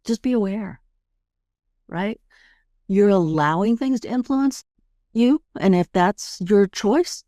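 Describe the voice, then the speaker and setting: A middle-aged woman hosting a podcast, calmly guiding listeners step by step through a tapping routine and often checking in with "right?". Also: mid-range voice, slow pace, pauses often, no echo, studio quality. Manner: calm, guiding, demonstrates steps. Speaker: podcast host and tapping coach. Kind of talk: instructional podcast talk.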